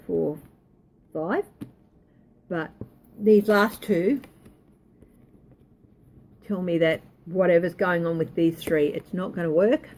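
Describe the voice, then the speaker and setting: Woman tarot reader, unhurried and hesitant, with a husky voice. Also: fairly low pitch, darkish tone. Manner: hesitant, self-correcting. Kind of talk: thinking-aloud tarot reading.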